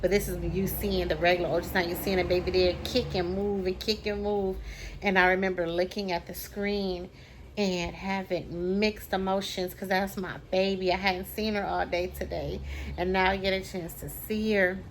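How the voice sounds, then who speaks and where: A woman vlogger telling a personal story in a casual way. She repeats phrases for effect and slows down to stress key words. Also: on the low side, flat delivery, a little hiss or hum.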